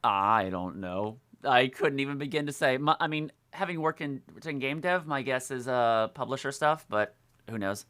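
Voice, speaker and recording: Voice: mid-range voice, animated, normal speed, fairly bright tone, smooth. A podcast guest chatting casually and with animation about games, with many fillers and restarts.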